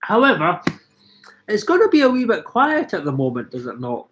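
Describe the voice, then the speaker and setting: A man's voice: high voice, wildly swooping pitch, normal speed, a bit bright. A middle-aged Scottish man at home with a cold, coughing and chatting self-mockingly on a live stream while reading out viewer comments. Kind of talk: rambling live stream chat. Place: living room at home.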